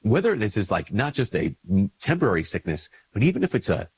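A male priest with a somewhat low, slightly husky voice, stuffed up with a cold. He talks in a relaxed, conversational way and acts out small everyday exchanges. His tone stays personal and unhurried. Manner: conversational, acts out little dialogues with lifted pitch. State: congested with a cold. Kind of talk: casual spoken reflection to camera.

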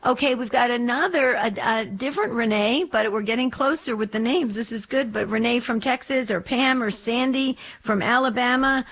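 A woman hosting a religious call-in radio show, chatting and gently asking callers probing questions. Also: fairly high pitch, moderate pace, vocal fry, few pauses.

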